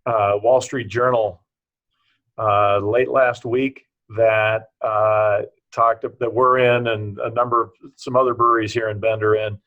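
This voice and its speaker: A man's voice: lowish voice, level tone, unhurried. A man speaking as an interview guest, a brewery founder giving plain-spoken, blunt advice with dry humor. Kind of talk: casual interview answers. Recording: dull, slightly muffled sound.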